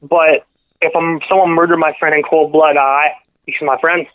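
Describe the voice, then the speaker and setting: A man guest on a podcast telling a painful personal story in a halting, earnest way, often correcting himself. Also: fairly high pitch, level tone. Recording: phone-line audio.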